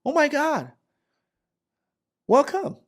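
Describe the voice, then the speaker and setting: A high, squealing young woman coworker, put on by a man who gushes and gossips without a pause. Her voice leaps well above a normal speaking pitch and sounds eager and breathless with chatter. She talks nonstop as a busybody office figure. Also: sing-song, heavily acted. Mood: gushing.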